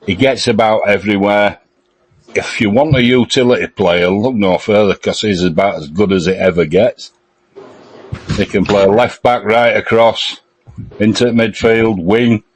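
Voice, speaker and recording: A man's voice: on the low side, a little slow, husky. A man on a fan podcast giving confident, opinionated takes. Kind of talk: casual fan podcast chat.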